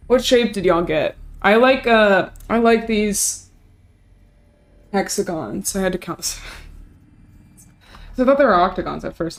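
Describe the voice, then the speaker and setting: A streamer talking over a live game session in a loose, chatty way, sprinkling in swear words. The voice sits in a middle pitch. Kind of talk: casual live-stream commentary.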